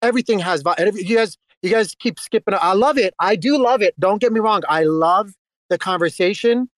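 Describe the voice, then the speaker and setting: A man with a high voice on a group call argues his point bluntly and swears freely as he pushes back. The sound is dry and close. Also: brisk, fairly bright tone, no echo. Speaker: guest speaker on a voice call. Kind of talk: casual online group chat.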